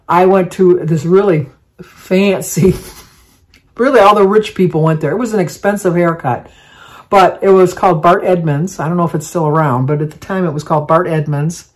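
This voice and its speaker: A woman's voice: on the low side, normal speed, a little mellow. An older woman, chatting at home to the camera in a rambling, meandering way full of asides. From Michigan. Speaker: vlogger. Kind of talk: casual chat to camera.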